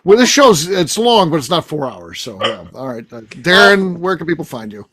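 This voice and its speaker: A man's voice: on the high side, normal speed, husky, no echo. A man hosting a casual roundtable podcast, upbeat and chatty as he wraps up the show. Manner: upbeat, lively show host wrapping up. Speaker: podcast host.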